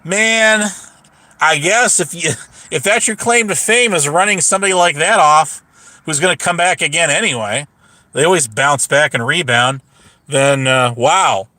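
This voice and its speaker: A man's voice: fairly high pitch, a little slow, bright, forceful tone, no room sound. A man ranting on a casual livestream, rambling and profane, with lots of restarts.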